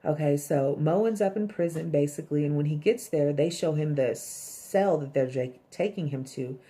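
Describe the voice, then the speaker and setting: A woman's voice: low-pitched, normal speed, warm tone. A woman casually recapping a TV episode, blunt and chatty, swearing and acting out the characters' lines. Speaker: TV episode reviewer.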